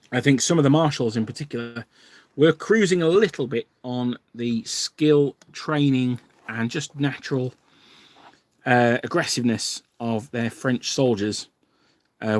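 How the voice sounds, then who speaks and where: A man's voice: medium pitch, dry recording. A man hosting a livestream, chatting casually and rambling with many fillers and restarts. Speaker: wargaming channel host.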